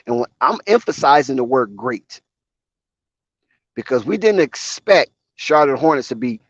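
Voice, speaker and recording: A man's voice: fairly high pitch, big pitch swings, normal speed, dry recording. Opinionated male sports commentator, dull lo-fi sound. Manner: opinionated, conversational.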